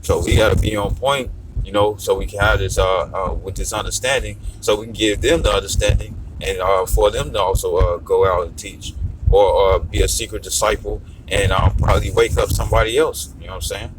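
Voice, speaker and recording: A man's voice: lowish voice, steady tone, fairly quick, noisy background. A man talking casually in a discussion, often checking in with "you know what I'm saying". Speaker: discussion participant.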